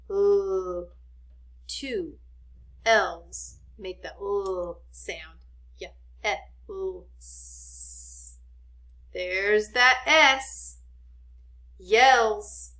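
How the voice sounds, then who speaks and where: Slow, bright-voiced woman teaching phonics. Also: mid-range voice. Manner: sounds out letters slowly, gently reassuring. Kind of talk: slow phonics spelling lesson for children.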